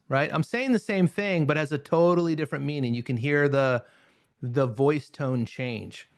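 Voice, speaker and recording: A man's voice: on the high side, moderate pace. A man teaching confidence techniques as an NLP trainer at a live seminar, speaking conversationally and acting out short examples in changing tones. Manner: energetic, conversational, acts out examples in varied tones.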